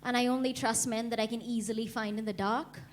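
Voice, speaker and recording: A young woman from India performing a stand-up comedy set, deadpan and laughing at her own jokes. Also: fairly high pitch, fairly quick, very noisy. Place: comedy club stage.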